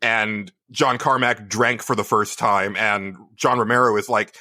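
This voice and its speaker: Podcast co-host, man, bright tone, close dry mic, rambling casual talker. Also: mid-range voice, steady tone, moderate pace, hardly any pauses, dry recording. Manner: rambling, heavy use of "like". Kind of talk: casual chat.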